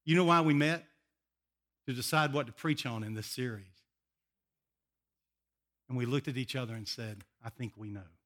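An older man preaching a sermon, an animated, emotional storyteller who often laughs. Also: mid-range voice, moderate pace, pauses often. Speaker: pastor.

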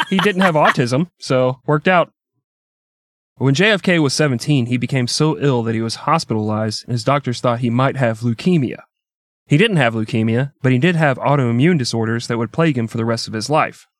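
A man narrates history for a podcast in a loose, joking, irreverent way, often breaking into laughter. His voice sits at an ordinary middle pitch. It is recorded dry and close to the mic, with no room sound. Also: fairly quick, no room sound. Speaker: podcast co-host telling a history story. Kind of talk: casual comedic storytelling.

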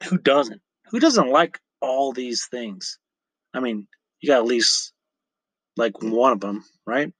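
A man hosts his own podcast in an unhurried, casual solo ramble. He talks slowly and often stops to correct himself. His voice sits at a middle pitch and sounds dry and close on the mic. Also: animated, a bit bright, breathy edge, no echo. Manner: rambling, chatty, self-correcting with frequent fillers. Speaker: podcast host.

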